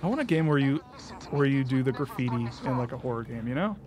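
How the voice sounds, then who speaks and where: A man's voice: medium pitch, lively intonation, fast talker, crowd noise. A young man streaming a game, chatting in a rambling way, swearing freely and laughing often. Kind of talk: casual chat while playing.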